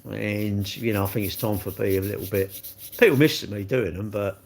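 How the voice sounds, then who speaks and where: A man's voice: lowish voice, fairly even intonation, normal speed, gravelly. A middle-aged man, chatting on a live stream and ranting with rhetorical questions. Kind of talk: casual live-stream chat.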